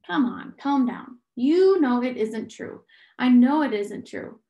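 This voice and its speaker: A woman's voice: high voice, animated, slow, warm tone, highs cut off, heavily acted. A woman reading aloud and voicing a blunt, teasing teenage boy, in an echoey room.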